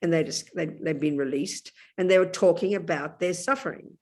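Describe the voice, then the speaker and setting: A woman's voice: fairly low pitch, normal speed, a little mellow. Woman, Buddhist nun, emphatic and intimate Dharma teacher on a video call. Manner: emphatic, intimate, calls listeners darling.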